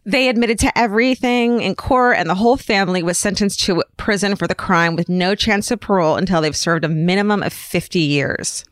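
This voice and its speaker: A woman co-hosting a podcast, reading a listener's letter aloud with animated storytelling. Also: mid-range voice, brisk, hardly any pauses, no echo. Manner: animated storytelling, lively delivery. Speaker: podcast co-host.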